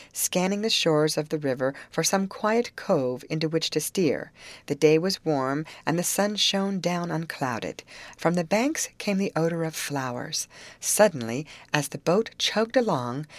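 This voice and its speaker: Low-voiced woman reading a novel aloud. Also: no echo. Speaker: audiobook reader. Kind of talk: scripted narration of a classic novel.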